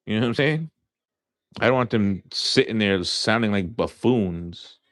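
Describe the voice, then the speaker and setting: A man in his thirties with a light New York accent talks loosely to his stream viewers. He circles back and repeats words, leaning on fillers. His voice sits very low and sounds close and dry. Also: unhurried, no room sound. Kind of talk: casual live-stream chat.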